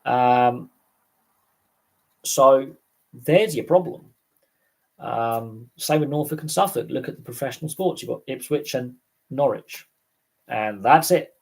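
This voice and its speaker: A man's voice: medium pitch, gravelly, a little mellow, slightly rough. A man hosting a casual livestream, rambling with fillers, his voice starting to go after hours of talking. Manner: rambling, many fillers and restarts. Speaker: livestream host.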